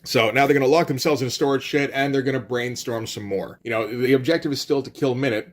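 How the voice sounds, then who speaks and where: A man's voice: mid-range voice, quick pace. A man casually recapping a comic book issue, retelling scenes and quoting the characters in a loose, conversational way.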